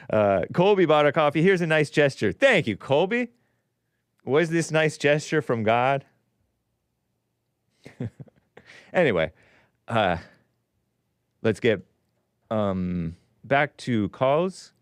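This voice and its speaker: A man's voice: medium pitch, animated, takes it slowly, long pauses, clean tone, dry recording, studio quality. A man hosting a call-in talk show, rambling and combative, laughing at his own jokes.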